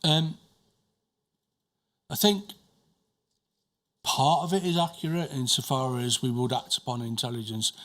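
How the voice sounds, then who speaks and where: A man testifies as a witness in a hearing room, answering slowly and carefully. His voice is bright and forceful. He restarts his sentences often and repeats words while he searches for the right phrasing. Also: mid-range voice, steady tone. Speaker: witness giving evidence. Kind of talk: answering questions at a formal inquiry.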